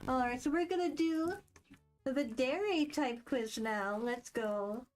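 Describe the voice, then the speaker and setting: A woman's voice: high voice, takes it slowly. A young woman streaming, chatting casually and rambling as she reads quiz questions aloud with a bubbly, self-deprecating manner. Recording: faint background music.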